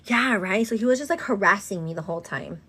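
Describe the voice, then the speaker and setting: A woman's voice: medium pitch, animated, quick pace, bright, forceful tone, breathy edge. Chatty woman vlogger, rambling girl talk. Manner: slips in Spanish phrases. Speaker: vlogger and host. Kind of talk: casual storytelling while getting ready.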